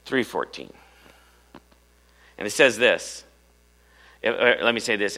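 A middle-aged male pastor preaching a sermon in church, firing off rhetorical questions and swinging from loud to hushed. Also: fairly low pitch, expressive, takes it slowly, long pauses.

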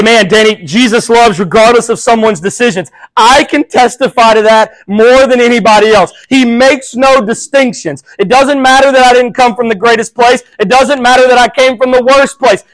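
A man preaching as a pastor, passionate, swinging between loud emphasis and hushed, quiet quoting. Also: very high-pitched, no room sound, poor audio. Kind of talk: sermon.

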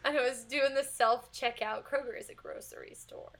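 A young woman with a high, bright voice chats loosely on a podcast. She tells her stories with animated energy, curses freely, and breaks into big laughs. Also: moderate pace. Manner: animated storyteller, swears freely, laughs loudly. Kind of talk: casual chat.

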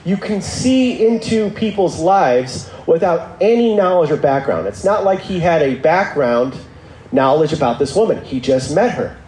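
A man preaches in a relaxed, conversational storytelling style, lowering his voice when he acts out what people said. His voice sits a little high but sounds mellow and warm. The room is echoey, with a faint hum of ambience behind him. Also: unhurried. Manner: storytelling, acting out quotes in a lower voice; conversational, with asides and restarts. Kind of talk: sermon.

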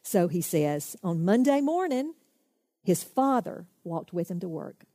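A woman preacher with a low, warm and husky voice, earnest and emphatic, often dropping into a softer hush. Her voice is picked up close on a dry mic with no room echo. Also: big pitch swings, a little slow. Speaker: women's ministry speaker. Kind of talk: sermon with storytelling and prayer.

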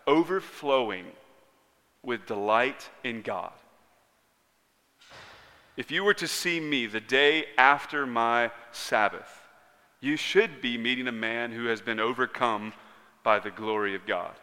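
A man preaching in a church sanctuary, his bright, forceful voice carrying a long reverb through the large hall. He preaches earnestly, rising to loud emphasis and then dropping to near-quiet lines. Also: medium pitch, measured pace. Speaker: pastor. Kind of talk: sermon.

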